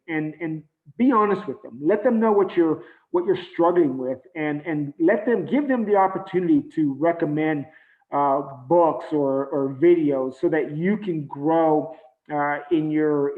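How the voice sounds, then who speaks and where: Earnest man on a tinny, echoey call. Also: fairly high pitch. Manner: earnest, halting, many fillers. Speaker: team trainer. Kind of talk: motivational training talk.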